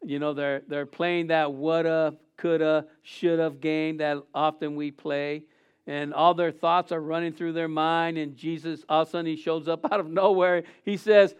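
Guy preaching a sermon, highish voice, real clear and smooth, gets the crowd to answer back. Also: moderate pace. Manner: animated preaching with call-and-response to the congregation. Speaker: pastor.

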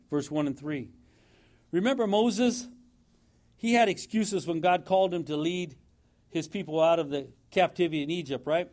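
A man's voice: sits high, a little mellow. A man preaching a sermon in a church, emphatic and repeating his points for effect.

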